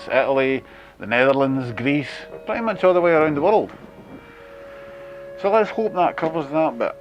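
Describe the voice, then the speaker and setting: Wry Scottish man talking to camera. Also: on the high side. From Scotland. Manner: wry, chatty, jokey asides. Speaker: video blogger. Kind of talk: casual monologue to camera. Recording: muffled lo-fi with faint music.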